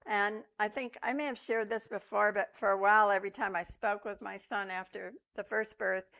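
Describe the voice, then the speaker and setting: An older woman minister giving a sermon, telling personal stories with reflection and gentle humor. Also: medium pitch, fairly even intonation, moderate pace, vocal fry.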